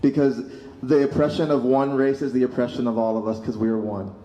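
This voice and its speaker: A man leading a protest crowd through a calm, guided emotional exercise. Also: medium pitch. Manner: calm, coaching, measured. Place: outdoor street protest. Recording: echoey outdoor PA, crowd behind.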